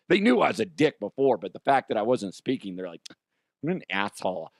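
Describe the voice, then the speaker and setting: Hoarse, profane male comedy host. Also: mid-range voice, sing-song, brisk, no room sound, clean studio sound. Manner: profane, self-mocking. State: hoarse, strained voice. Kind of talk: casual comedic monologue.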